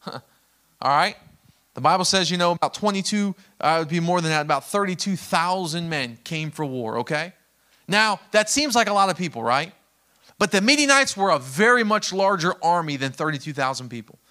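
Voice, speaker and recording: A man preaching a sermon, retelling a story with animated delivery and acted-out voices that swing between loud outbursts and quiet asides. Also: on the high side, normal speed. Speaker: pastor.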